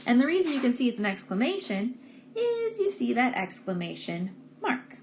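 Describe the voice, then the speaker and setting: A woman teacher giving a patient, slow grammar lesson to first graders, stressing key words. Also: a little high, big pitch swings, a little hiss or hum. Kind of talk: recorded remote grammar lesson for young children.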